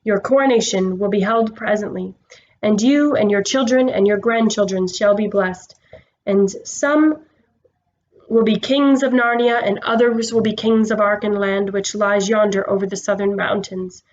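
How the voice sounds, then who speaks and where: A woman voicing a wise, solemn male lion king who speaks slowly and gravely. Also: mid-range voice, fairly even intonation, darkish tone, dull audio, natural voice. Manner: slow, grave and measured.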